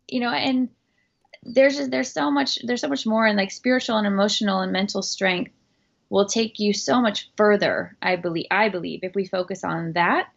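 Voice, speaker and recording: A woman's voice: medium pitch, gravelly. A woman chatting as a podcast guest, earnest and emphatic, with lots of fillers and restarts. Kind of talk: casual interview talk. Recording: dull lo-fi recording.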